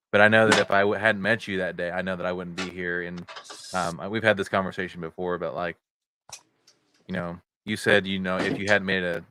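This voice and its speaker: A man hosting a podcast, speaking sincerely and haltingly, with many "you know"s. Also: deep voice, background noise. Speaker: podcast host. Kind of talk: casual conversation.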